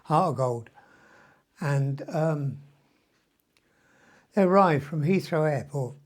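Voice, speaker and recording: A man's voice: fairly high pitch, lively intonation, takes it slowly. A man, rambling through a personal video diary with mild swearing and frequent ums, sounding weak and short of breath from illness. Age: 70s. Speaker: vlogger.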